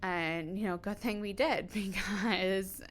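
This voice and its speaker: A woman's voice: mid-range voice, fairly even intonation, takes it slowly. A woman in her thirties, a podcast guest, telling a personal story in casual, emotional chat, full of "like" and "you know". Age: 30s. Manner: emotional storytelling with many likes and you-knows.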